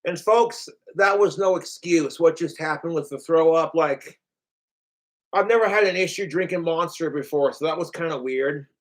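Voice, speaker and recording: A man's voice: fairly high pitch, moderate pace. A man talking in a rambling casual vlog to his camera, cursing often and groaning between thoughts. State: in pain from a hurt toe. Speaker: vlogger.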